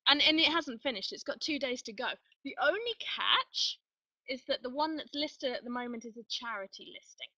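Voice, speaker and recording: Woman host for a casual live stream: high, very bright voice, eager and rambling, dry sound set a little back from the mic. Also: no room sound, far from the mic, rough recording. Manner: chatty, excitable, rambling with restarts.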